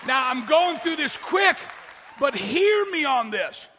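An older male pastor delivers a fiery sermon, often shouting and racing through quick asides. His voice sits high and bright, cutting through the long reverb of a big church hall. A congregation can be heard faintly behind him. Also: big pitch swings, some chatter behind, slight background noise. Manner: preaching loudly with fast asides, often shouting.

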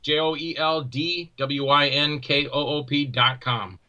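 A man being interviewed as a guest, an indie actor and filmmaker, telling stories in a rambling, animated way with many restarts. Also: a little high, a little slow, dull audio. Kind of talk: casual interview chat.

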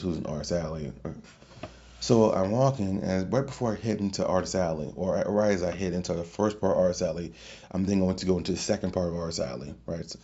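A man hosting a podcast, telling a long casual story in a rambling, excitable way with many fillers and restarts. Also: deep voice, dull audio. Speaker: podcast host.

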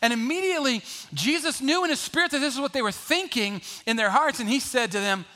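A man preaching a sermon in a lively, conversational way, joking and acting out the people in the story. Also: very high-pitched, fast. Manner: lively, conversational preaching with jokes and acted-out voices. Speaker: pastor.

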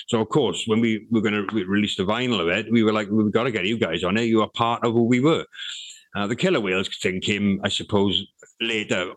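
A man's voice: fairly low pitch, fairly bright tone, dry recording, low-quality recording. A middle-aged man, telling stories in a casual interview, rambling with restarts and swearing freely. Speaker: interview guest, rapper.

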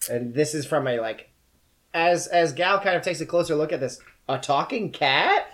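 A man running a tabletop game as game master, narrating in a lively, jokey way. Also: a little high, normal speed.

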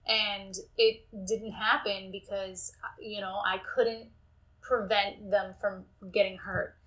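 A woman's voice: medium pitch, little pitch movement, slow, a bit bright, poor audio. A young woman in casual chat, blunt and self-deprecating, who swears and asks the questions.

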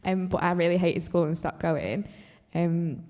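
A woman's voice: fairly low pitch, measured pace, darkish tone. A woman from Manchester with a light Mancunian accent, a panel guest talking candidly in a casual discussion and swearing freely. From Manchester, England. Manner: candid, swearing, laughing asides. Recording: roomy hall reverb.

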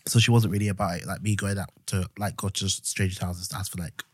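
A young man, co-hosting a podcast in relaxed, easygoing chat. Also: low-pitched, fast, slightly rough, no echo, studio quality. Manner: relaxed, easygoing with filler words. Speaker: podcast co-host. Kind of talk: casual chat.

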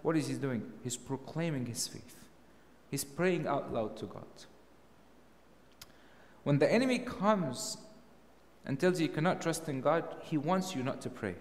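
A man preaching a sermon, emphatic and full of rhetorical questions, his voice rising to loud peaks. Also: fairly high pitch, expressive, measured pace, pauses often, long reverb tail.

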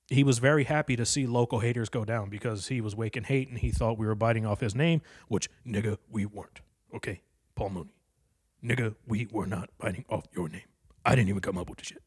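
A man's voice: on the low side, husky, dry recording, clean studio sound. A young man hosting his own podcast alone, talking in a blunt, profane and rambling way into a stand-up comedy mic. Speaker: podcast host. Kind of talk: casual solo podcast monologue. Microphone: handheld stand-up comedy mic on a stand.

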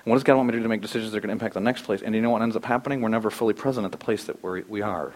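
A man's voice: fairly low pitch, rapid-fire. Storytelling male pastor preaching. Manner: storytelling, animated, acts out quoted voices. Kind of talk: sermon.

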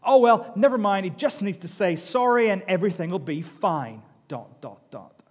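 A man's voice: sits high, animated, moderate pace, long reverb tail, voice pushed up. A man quoting a sarcastic, cynical man who mocks religion.

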